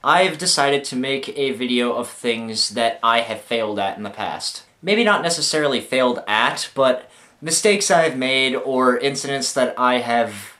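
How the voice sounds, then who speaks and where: Young adult male vlogger, mid-range voice, animated self-deprecating storyteller. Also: mid-range voice, unhurried. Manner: jokey, self-mocking, animated delivery. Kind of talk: comic storytelling to camera.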